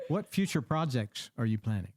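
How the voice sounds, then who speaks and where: A man's voice: mid-range voice, sing-song, moderate pace, darkish tone. A man interviewing a musician, asking brief, friendly questions.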